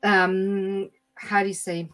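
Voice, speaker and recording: A woman's voice: mid-range voice, level tone, slow, a bit bright. A woman running a tabletop game as game master, narrating scenes and joking with the players. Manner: playful, joking.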